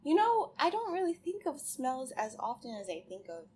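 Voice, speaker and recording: A woman's voice: sits high, huge pitch swings, normal speed, darkish tone, slight background noise. A woman co-hosting a podcast, chatting casually in a bubbly, joking way and laughing easily. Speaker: podcast co-host. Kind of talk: casual chat.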